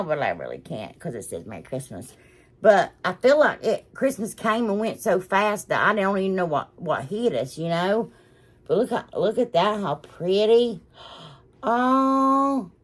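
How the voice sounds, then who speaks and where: A woman's voice: on the low side, husky. A woman hosting a crafting vlog, gushing and rambling, emotional and close to tears as she thanks her viewers. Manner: gushing, rambling, restarts often. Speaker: craft channel host. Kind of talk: casual crafting chat to viewers.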